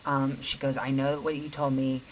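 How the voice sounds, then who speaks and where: A woman's voice: very deep voice, little pitch movement, moderate pace, slight background noise, rough recording. A middle-aged woman co-hosting a podcast, telling a long story in casual chat, quoting others and laughing as she goes. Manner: retells a story with quoted voices, laughing often. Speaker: podcast co-host.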